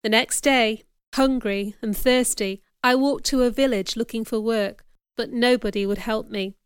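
Smooth-voiced woman reading a story. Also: on the high side, fairly even intonation, unhurried, dry recording, studio quality. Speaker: narrator. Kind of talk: scripted audiobook narration.

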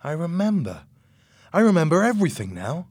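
A man's voice: fairly high pitch, very animated, a little mellow, breathy edge, no echo, clean studio sound, pitched above the performer's own voice. A man doing a jumpy young pilot covering a secret. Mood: tense, defensive. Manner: quick, defensive, lifted voice. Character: nervous young male pilot hiding a secret.

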